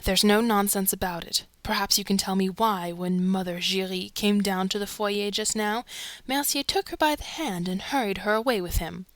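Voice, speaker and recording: A woman voicing an excitable male theater secretary, asking indignant questions in a rush. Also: medium pitch, moderate pace, dry recording, natural voice. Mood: agitated.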